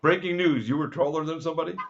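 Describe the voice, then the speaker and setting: A man's voice: a little high, rapid-fire, muffled recording, a crowd in the background. A man hosting a casual interview podcast, teasing and cursing freely as he chats with his guests. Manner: laid-back, profane, teasing. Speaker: podcast host and fighter manager.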